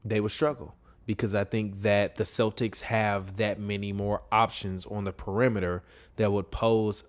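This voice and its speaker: A man co-hosting a casual sports talk show, rambling and animated, often correcting himself mid-sentence. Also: fairly low pitch. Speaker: podcast co-host.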